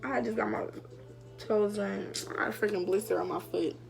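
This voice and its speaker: A woman's voice: medium pitch, normal speed, gravelly, music in the background. Chatty young woman telling a story. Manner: chatty, addresses viewers directly, many fillers. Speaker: vlogger. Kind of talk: casual storytime chat.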